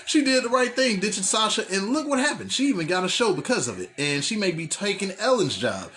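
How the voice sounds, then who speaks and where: A man hosting a casual comedic wrestling recap podcast. He tells profane, animated stories and jumps into exaggerated voices when he quotes people. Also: high-pitched, a little hiss or hum. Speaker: podcast host.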